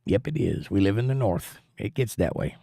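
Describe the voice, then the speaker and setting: A man's voice: on the low side, animated, moderate pace, gravelly, mellow, husky, no echo, clean studio sound. A man from Georgia hosting a livestream, reading viewer comments aloud and telling jokey stories in a folksy way. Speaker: livestream host reading chat. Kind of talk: casual chat.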